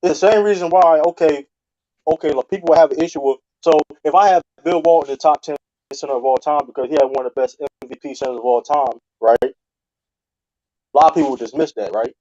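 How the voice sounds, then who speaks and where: Deep-voiced guy arguing loud on a panel, keeps repeating himself, dry lo-fi sound. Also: a little fast, dry recording. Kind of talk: heated panel debate.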